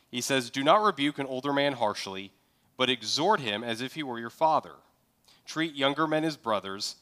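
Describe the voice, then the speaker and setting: A man's voice: medium pitch, bright, forceful tone. A man preaching a conversational sermon as a pastor, acting out sample dialogue to make his points.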